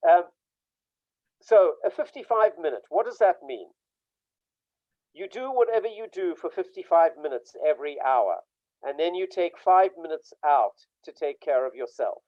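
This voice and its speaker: A man's voice: on the high side, expressive, normal speed, no echo, lo-fi sound. A man giving an informal online talk about burnout, telling emphatic stories and acting out the dialogue he quotes. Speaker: workshop speaker on burnout.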